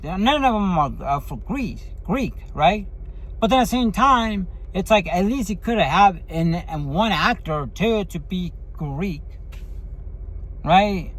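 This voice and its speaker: High-voiced rambling man. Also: lively intonation, measured pace, poor audio. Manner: rambling, full of fillers and tag questions. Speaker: movie reviewer. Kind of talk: casual spoken movie review.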